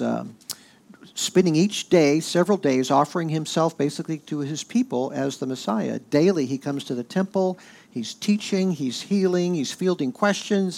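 Gravelly-voiced pastor preaching conversationally. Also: male voice, on the high side. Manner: conversational, with fillers and animated quoting. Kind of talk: sermon.

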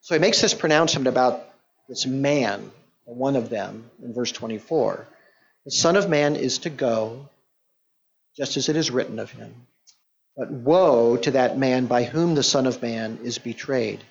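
Male preacher, mid pitch, chatty explanatory sermon, muffled lo-fi recording. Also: a little slow, gravelly, husky. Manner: conversational, explanatory, with restarts and quoted voices. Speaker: pastor or Bible teacher. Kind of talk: sermon, verse-by-verse Bible teaching. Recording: dull lo-fi sound.

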